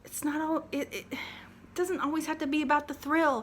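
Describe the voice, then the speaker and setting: A woman with a bright, sharp-edged voice rants straight to camera. She sounds blunt and fed up as she lectures her listeners, like a paranormal investigator setting the record straight. A faint hiss of noise sits under her voice. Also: high-pitched, level tone, normal speed. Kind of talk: direct-to-camera rant.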